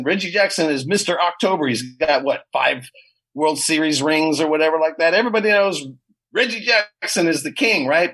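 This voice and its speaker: A middle-aged man talks through his stories in a husky, slightly high voice. He swears freely and keeps the chat loose and animated, the way a guest talks with friends. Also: poor audio. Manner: profane, animated storytelling. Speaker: guest guitarist. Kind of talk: casual interview chat.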